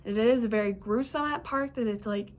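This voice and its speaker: A woman's voice: fairly high pitch, brisk, darkish tone, a little hiss or hum. Bubbly, rambling young woman. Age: young adult. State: sleepy, yawning. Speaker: reading vlogger. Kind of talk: casual chat.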